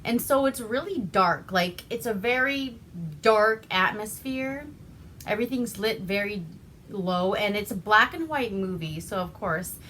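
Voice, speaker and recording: A woman's voice: mid-range voice, a little slow, a bit bright, a little hiss or hum. A woman from Alaska recapping an old movie in a rambling, foul-mouthed, laughing way. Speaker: movie reviewer. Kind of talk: casual profane movie recap.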